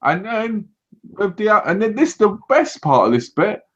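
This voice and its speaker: A man co-hosting a movie review, retelling scenes in a lively way and often laughing. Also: high voice, moderate pace. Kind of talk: casual chat. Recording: dull lo-fi home recording.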